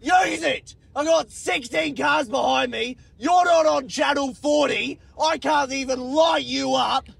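A man with an Australian accent calling in to rant loudly about holdups while driving. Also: very high voice, unhurried, creaky, few pauses, dry recording. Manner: ranting, shouting in frustration. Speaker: caller. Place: driving in a vehicle.

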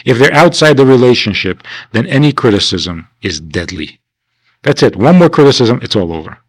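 Speaking at a moderate pace, this man has a medium-pitched, husky voice as he teaches a winter camp class. His lecture is conversational and animated, full of rhetorical questions and impressions of those he quotes. The recording is dry and rough.

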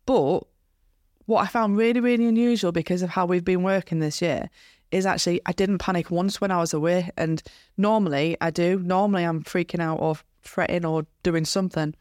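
A woman's voice: fairly low pitch, brisk, no room sound, studio quality. A woman in her thirties with a British accent, co-hosting a podcast in casual chat, giggly and eager to tell stories. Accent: British English. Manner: giggly, chatty, animated storytelling. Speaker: podcast co-host.

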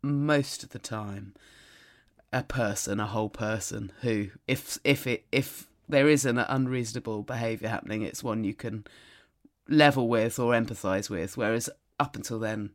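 Brief: woman, 30s, podcast co-host, dry deadpan storyteller. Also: very deep voice, moderate pace. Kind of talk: casual chat.

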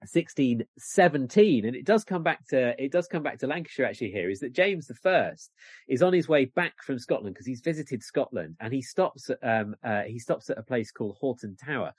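A man, a guest author, telling history in a casual, animated podcast chat, laughing often. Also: mid-range voice, fairly quick, husky, dry recording, clean studio sound. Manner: chatty, animated storytelling with laughs.

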